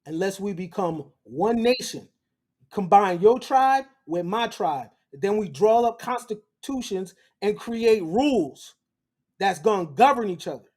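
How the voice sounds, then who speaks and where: A man's voice: high voice, lively intonation, measured pace, a little mellow. A man hosting a lecture-style commentary, talking bluntly and emphatically in slang. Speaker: host.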